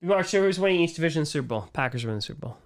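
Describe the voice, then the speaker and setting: Streamer guy doing viewer q&a, rants a lot, goes loud and hyped then quiet and tired. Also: on the high side, very fast. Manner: animated, swings from excited outbursts to quiet, weary muttering; ranting, frustrated. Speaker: livestream host answering viewer questions. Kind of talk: casual live-stream chat.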